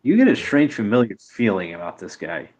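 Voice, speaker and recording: A man narrating as game master of a tabletop game, halting with many fillers. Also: fairly low pitch, very animated, muffled recording, noisy background.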